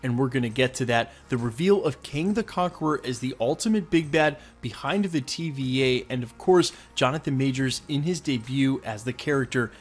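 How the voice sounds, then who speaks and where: A man's voice: medium pitch, animated, moderate pace, hardly any pauses, faint music behind. Enthusiastic man hosting a recap. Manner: explanatory, walks through details point by point. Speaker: host. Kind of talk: fan recap and breakdown video.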